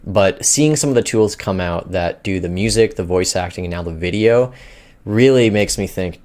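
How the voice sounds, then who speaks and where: A man's voice: low voice, normal speed, darkish tone. A man hosting a finance news show, talking in loose, rambling casual commentary with many fillers.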